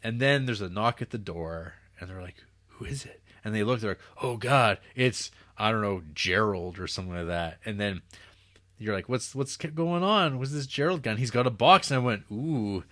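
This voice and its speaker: A man's voice: lowish voice, lively intonation, normal speed, bright, forceful tone, no echo, studio quality. A man co-hosting a podcast, casually recapping a film in a rambling way and acting out the scenes. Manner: rambling, self-interrupting, acting out scenes with quoted voices. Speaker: podcast co-host.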